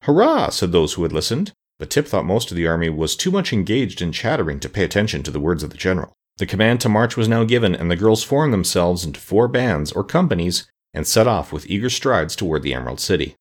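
A man's voice: deep voice, animated, fast, few pauses. A man narrating a storybook aloud, reading expressively and doing the characters' voices.

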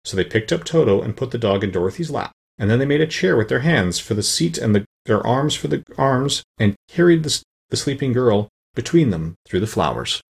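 A man reads a storybook aloud in a steady, plain narrating voice, with a small slip now and then. His tone is husky and sits at an ordinary male pitch. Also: a little fast, few pauses. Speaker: audiobook narrator.

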